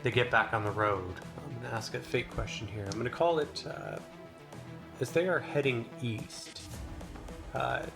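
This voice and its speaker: Gravelly guy running a solo tabletop game, rambly with lots of uhs, music playing under him. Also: medium pitch, normal speed. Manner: relaxed, rambling, filler-heavy. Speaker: game master.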